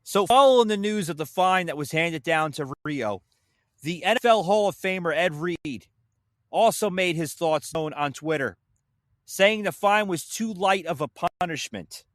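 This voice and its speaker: A man's voice: a little high, lively intonation, moderate pace, a bit bright, no echo, studio quality. Heated sarcastic male podcast host. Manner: heated, sarcastic, swears, addresses folks. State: a little winded. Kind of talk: opinion podcast rant.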